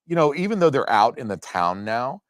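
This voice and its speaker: Animated, profane man riffing on a film. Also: medium pitch, brisk, no echo, clean studio sound. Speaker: podcast co-host. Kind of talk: casual film commentary. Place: home, recorded apart from co-host.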